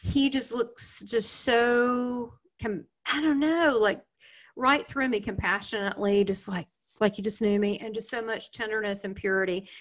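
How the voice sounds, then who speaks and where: A woman's voice: a little high, steady tone, moderate pace. A middle-aged woman with a Southern US accent talks straight to her viewers as the host of her own channel. She rambles through a personal story with plenty of fillers, restarts and side comments, keeping a loose, chatty flow.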